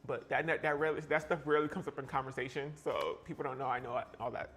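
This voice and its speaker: Soft music sits in the background as a South Carolina man chats with viewers while baking live in his home kitchen. He talks fast with medium pitch, fairly even intonation and a fairly bright tone, reacting playfully and sassily to the chat.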